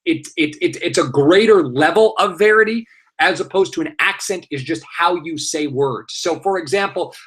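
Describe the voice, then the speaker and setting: A man's voice: fairly high pitch, moderate pace, fairly bright tone. A male teacher with a New York accent, running a live online exam review and explaining terms through rhetorical questions and many filler sounds.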